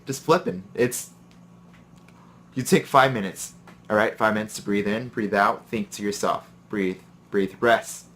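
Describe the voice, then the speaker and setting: A man who is a chef and hosts his own vlog, telling rambling stories about work and then giving relaxed advice. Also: fairly low pitch. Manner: chatty, rambling, gives pep-talk advice. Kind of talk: casual storytelling and advice vlog.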